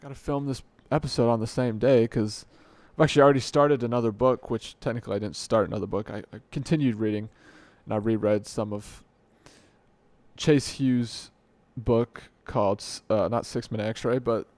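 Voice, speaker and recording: A young male podcast host rambles at a moderate pace through an unscripted solo episode, correcting himself and joking at his own expense. His mid-range voice is steady and darkish. He records late at night into a desk mic in a dim home room, and the sound is dry.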